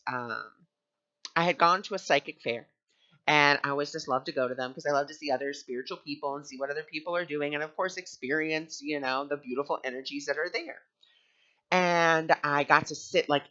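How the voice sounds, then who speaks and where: Male spiritual host, chatty and bright-toned, muffled lo-fi recording. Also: fairly high pitch. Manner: chatty, with frequent fillers. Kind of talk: casual spiritual talk with personal story. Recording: dull lo-fi recording.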